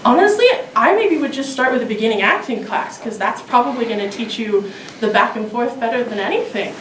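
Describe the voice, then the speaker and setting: A woman telling a funny story about herself, her voice high and lively but unhurried, full of hesitant fillers and self-mocking asides. She is heard from a distance in an echoey room with faint ambience behind her. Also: a little hiss or hum. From Los Angeles area. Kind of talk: live comic storytelling.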